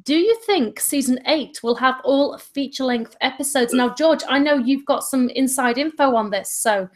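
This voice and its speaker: A woman's voice: high voice, normal speed. A woman with an English accent hosting a livestream, chatty and reading out donations and viewer questions. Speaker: host. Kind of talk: livestream chat.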